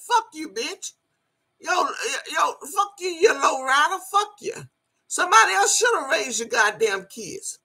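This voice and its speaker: An older woman with a Southern Alabama accent rants at a viewer during a livestream, heated and profane, shouting insults. Her voice is fairly high-pitched and husky.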